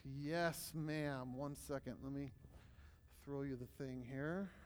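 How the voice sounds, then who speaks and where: Speaking slowly in a mid-range voice with fairly even intonation, a man runs a workshop for a live audience. His storytelling is casual and full of fillers, and the hall reverb is long, with slight background noise.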